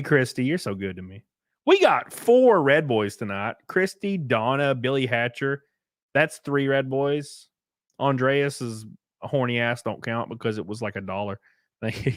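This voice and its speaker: A man hosting a casual live stream, joking crudely and thanking viewers by name, jumping from loud outbursts to quiet muttering. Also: mid-range voice, no room sound, clean studio sound. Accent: Southern American. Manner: crude, joking, reads and thanks super chats aloud. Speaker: livestream host.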